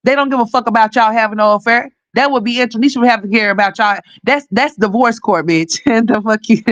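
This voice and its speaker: A woman hosting a livestream, giving blunt, profane commentary and scolding directly, her voice hoarse. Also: a little high, fast, fairly bright tone, dry recording, highs cut off. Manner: blunt, scolding, profane, talks straight to viewers.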